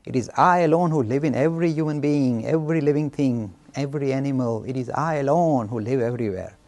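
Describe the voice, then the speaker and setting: A man voicing a mother goddess who speaks slowly and solemnly, teaching her young son. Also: mid-range voice, a little mellow, close to an everyday voice. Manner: slow, solemn and instructive.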